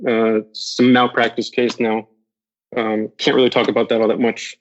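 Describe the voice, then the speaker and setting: A man's voice: mid-range voice, little pitch movement, moderate pace. Candid man telling his story, muffled audio. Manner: candid, swears freely, frequent restarts. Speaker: podcast guest. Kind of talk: recounting a personal near-death story.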